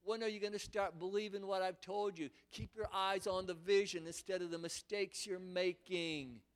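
A man voicing God as a stern father scolding his child, in a loud, rebuking tone. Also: sits high, steady tone, moderate pace. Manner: shouting, scolding.

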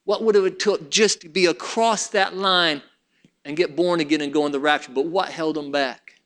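Bright-voiced preacher reading scripture. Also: male voice. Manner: reads King James scripture in measured cadence, drops to soft low asides.

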